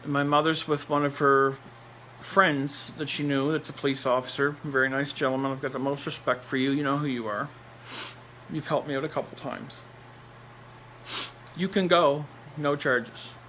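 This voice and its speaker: A man's voice: mid-range voice, little pitch movement, brisk, bright, forceful tone, rough recording. Man with a middle-range voice, telling a personal story bluntly, with faint noise behind him. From Nova Scotia, Canada. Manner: blunt, rambling, repeats phrases for emphasis; laughs between lines.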